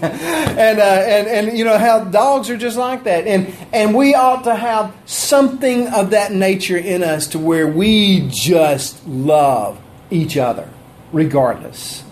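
Folksy preacher guy, higher voice, chatty asides, pitch swings up and down to make a point. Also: unhurried, darkish tone, a little hiss or hum. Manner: folksy, conversational, with asides to people in the room; pitch rises and drops for emphasis. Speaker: pastor. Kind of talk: sermon.

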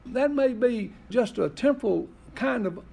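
A male pastor delivering a sermon, high-pitched for a man and swinging widely up and down. His voice has a gravelly, husky grain as he works through rhetorical questions. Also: measured pace. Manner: expressive preaching with rhetorical questions and acted scripture quotes.

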